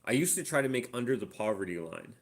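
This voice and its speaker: A man's voice: mid-range voice, very animated, fast talker, creaky. A Canadian man hosting a casual live Q&A from his home art studio, thinking aloud and muttering while he looks things up and works out sums. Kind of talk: casual live-stream chat.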